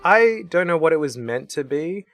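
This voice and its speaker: A man co-hosting a podcast, chatting about a video game in a relaxed, rambling way. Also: on the high side, normal speed, dry recording, faint music behind. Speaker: podcast co-host.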